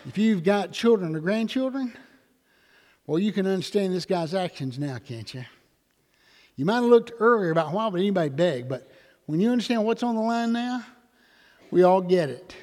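Older preacher with dramatic sweep. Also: male voice, high-pitched, long reverb tail. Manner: dramatic preaching, swinging from loud to soft. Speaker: pastor. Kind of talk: sermon. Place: church sanctuary.

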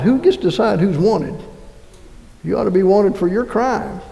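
A man preaching a sermon as pastor, reading scripture aloud in an animated way. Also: high-pitched, normal speed, gravelly, in a large hall, low-quality recording. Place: church.

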